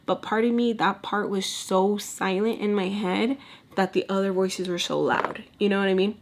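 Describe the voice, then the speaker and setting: A young woman talks straight to the camera in a casual storytime. She is candid and animated, acts out what people said, and drops in Spanish words as she goes. Her voice sits at a middle pitch. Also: normal speed, a little hiss or hum. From Texas. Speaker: storytime vlogger. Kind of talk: casual storytime while doing makeup.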